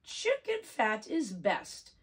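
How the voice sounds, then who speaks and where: A woman's voice: fairly low pitch, animated, measured pace, dark tone, slightly rough. A woman voicing a stubborn, quarrelsome old grandmother in a storybook reading, firm and scolding. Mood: indignant.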